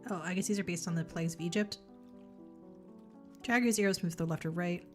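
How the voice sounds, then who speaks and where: Lowish-voiced woman streaming a game, just musing out loud, bit of swearing, soft music behind. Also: quick pace. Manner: thinks aloud, chatty, offhand swearing. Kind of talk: casual let's-play commentary. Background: faint game music.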